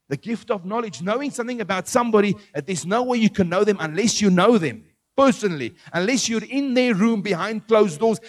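High-voiced man preaching a sermon. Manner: animated, asks the audience questions.

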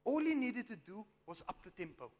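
High-voiced preacher in a reverberant hall. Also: male voice, big pitch swings, fairly quick, a little mellow. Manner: emphatic, rhetorical asides. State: voice straining. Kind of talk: sermon.

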